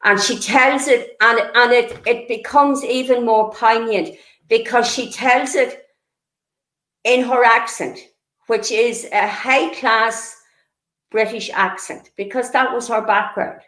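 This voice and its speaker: A woman's voice: on the high side, steady tone, takes it slowly, a bit bright, reverberant, rough recording. A woman presenting local history, earnest and explanatory, with many fillers and restarts. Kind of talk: illustrated history talk.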